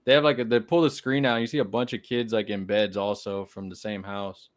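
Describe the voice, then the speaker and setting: A man co-hosting a casual chat, adding short halting remarks and agreeing. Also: lowish voice, flat delivery, echoey room.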